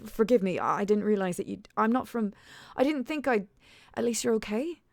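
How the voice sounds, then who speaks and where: A woman reading a story aloud, voicing a gentle young man who hesitates and stammers. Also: mid-range voice, lively intonation, moderate pace, creaky, dry recording, studio quality, pitched above the performer's own voice. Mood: stammering. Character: gentle, bewildered young man, soft-spoken.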